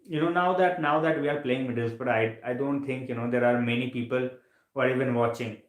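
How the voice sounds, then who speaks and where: A man's voice: medium pitch, steady tone, brisk, roomy sound, rough recording. A sleepy man hosting a late-night live stream, chatting casually, yawning, full of fillers and repeated phrases. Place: home room, late at night.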